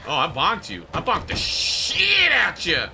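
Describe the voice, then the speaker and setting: A male streamer giving live gaming commentary, excitable and quick to laugh and yell at the game. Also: sits high, creaky.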